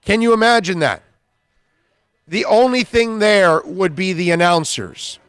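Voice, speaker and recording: A man's voice: high-pitched, a little slow, a bit bright, smooth, dry recording, clean studio sound, faint music behind. A man hosting a sports talk radio show, bluntly scolding listeners with repeated rhetorical questions.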